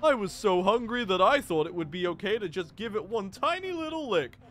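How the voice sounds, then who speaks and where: A man's voice: high-pitched, sing-song, fairly quick, fairly bright tone, pitched above the performer's own voice. A man voicing a small, whiny, cheeky rock creature, rambling petulantly while reading game dialogue aloud.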